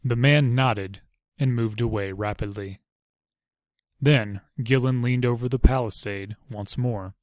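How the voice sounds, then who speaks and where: A man narrating an audiobook in a steady, even storytelling manner. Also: medium pitch, measured pace, dry recording, clean studio sound.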